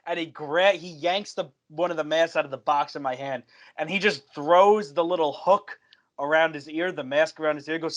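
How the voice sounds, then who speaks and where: A man's voice: on the high side, fairly quick. A young man co-hosting a casual podcast, telling a story and acting out the dialogue of the people in it. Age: young adult. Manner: animated storyteller who acts out quoted dialogue.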